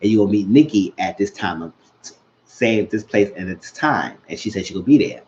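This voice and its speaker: A man's voice: on the low side, fairly quick. A man casually recapping a TV episode, telling scenes and acting out the characters' quotes. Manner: animated, retells scenes, acts out quotes. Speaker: show recap host. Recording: dull lo-fi sound.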